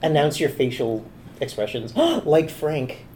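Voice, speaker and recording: Woman, Canadian accent, very low voice, mellow, teasing casual chat. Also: big pitch swings, a little slow, slight background noise. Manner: playful, teasing. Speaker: podcast host.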